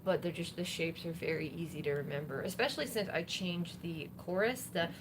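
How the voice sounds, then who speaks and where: A woman's voice: lowish voice, fairly quick, background noise. A woman singer-songwriter chatting casually between songs on a live stream, rambling with lots of fillers while she plays guitar. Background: guitar playing.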